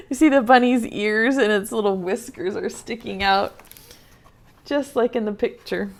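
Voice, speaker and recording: A woman teaching preschool over a video call, reading a picture book aloud in a gentle, playful way and asking the children questions. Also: mid-range voice, normal speed.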